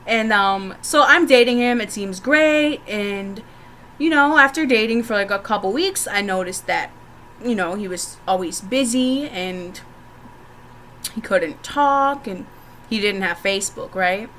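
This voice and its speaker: A young woman tells candid stories straight to her viewers in a bright, forceful voice. She is frank and profane and laughs often as she talks. A faint hum of room ambience sits under her voice. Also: mid-range voice, lively intonation, unhurried. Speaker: vlogger. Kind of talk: candid storytelling to camera.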